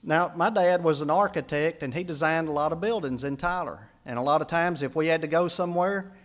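Man, pastor's sermon, storytelling, swells to emphatic peaks, fairly high voice. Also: a little fast. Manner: storytelling, builds to emphatic peaks then drops soft.

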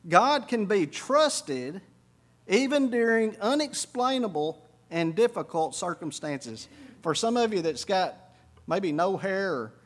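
A high-pitched man preaches a sermon. He drops low and quiet when he reflects, then climbs into loud, emphatic runs. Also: big pitch swings, takes it slowly. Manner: preaching with sudden rises in pitch and volume. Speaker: pastor.

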